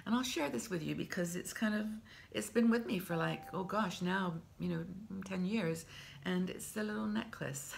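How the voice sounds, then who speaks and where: A woman in her sixties with a low voice and a gravelly touch of fry, talking straight to camera as a vlog host. She is chatty and heartfelt, often starting a phrase over as she goes. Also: moderate pace, a little hiss or hum. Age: 60s. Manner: chatty and heartfelt, with frequent restarts. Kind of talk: casual advice talk to camera.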